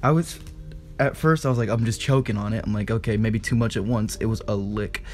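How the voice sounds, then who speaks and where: Young man telling a story, animated. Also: fairly low pitch. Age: young adult. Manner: animated, laughing, swearing, quick asides. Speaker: podcast co-host. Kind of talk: casual storytelling chat.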